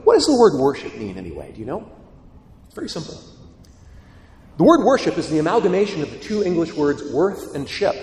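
A man preaching a sermon in an animated, storytelling way, with acted quotes. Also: medium pitch, a little hiss or hum. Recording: echoey hall, long reverb.

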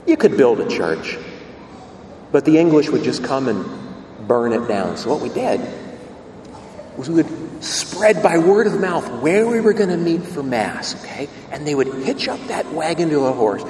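A man's voice: fairly high pitch, lively intonation, moderate pace, noisy background, close to an everyday voice. A man voicing a friendly Irish village man with an Irish brogue, proudly telling local history, in an echoey church from a distance. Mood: proud, earnest.

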